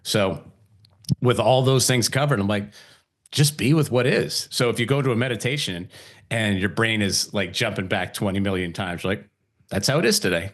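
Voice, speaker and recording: Middle-aged male podcast host, easygoing, quick to laugh, slips into quoted voices. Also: on the low side. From Italian heritage. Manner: relaxed, laughs often, acts out quoted voices. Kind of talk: casual spiritual conversation.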